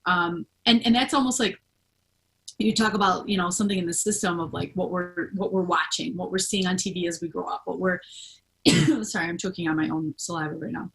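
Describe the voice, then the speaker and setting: A woman's voice: lowish voice, fairly even intonation, brisk, creaky, fairly bright tone, poor audio. A woman hosting a podcast, chatting casually and thinking aloud, with many fillers and restarts. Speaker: podcast host. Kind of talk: casual conversational chat.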